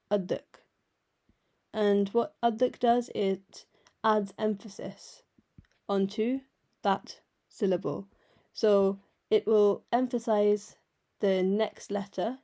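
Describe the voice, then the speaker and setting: A woman teaching a writing lesson, patiently explaining each letter and repeating words slowly. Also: medium pitch, dark tone. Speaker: language teacher. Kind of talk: slow step-by-step alphabet lesson.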